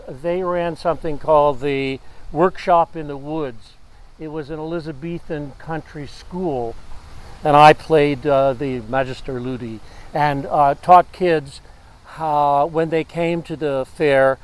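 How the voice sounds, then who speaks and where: A man's voice: on the high side, clean tone, rough recording. Man sharing earnest memories at a memorial. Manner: earnest, halting remembrance. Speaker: memorial speaker. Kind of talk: personal eulogy.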